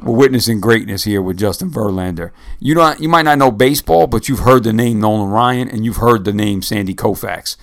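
A man's voice: fairly low pitch, fairly quick, hardly any pauses. A man co-hosting a sports podcast, chatting casually and reading off stats with their sources. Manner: relaxed, rattles off stats and cites sources. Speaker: podcast co-host.

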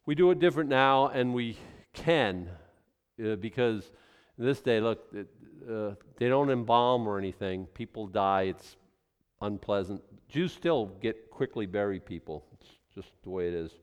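A man's voice: on the low side, animated, measured pace, smooth. A male pastor preaching a sermon in a loose, conversational way, drifting into asides and acted-out scenes.

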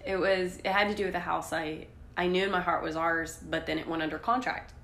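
A young woman chatting on a faith podcast with a bright, forceful voice. She tells her stories candidly and with animation. The room around her is echoey. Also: fairly low pitch, a little fast, gravelly, a little hiss or hum. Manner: candid, animated storytelling with laughs. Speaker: podcast co-host. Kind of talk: casual faith podcast chat.

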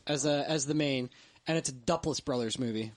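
A man's voice: mid-range voice, a little fast. A man in a casual podcast chat, bantering and sharing movie trivia.

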